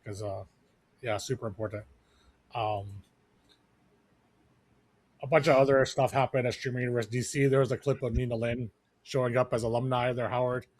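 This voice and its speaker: A man's voice: mid-range voice, steady tone, moderate pace, pauses often, darkish tone, no echo. Rambling man, casual podcast chat. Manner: rambling, many fillers and restarts. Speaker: podcast co-host.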